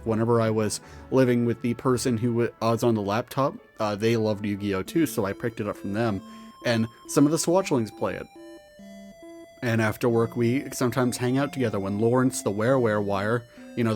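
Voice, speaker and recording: A weary, sardonic male monster with tails, played by a man tells his story in a rambling, profane and exasperated way. The voice sits at an everyday middle pitch. Soft music runs faintly underneath. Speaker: roleplaying storyteller. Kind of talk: in-character storytelling vlog.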